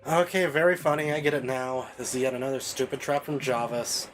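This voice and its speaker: A man's voice: medium pitch, fairly even intonation, a little fast, a little hiss or hum, lightly acted. A man voicing a flustered young paladin woman. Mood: nervous. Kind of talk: reading game dialogue aloud. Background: game soundtrack music.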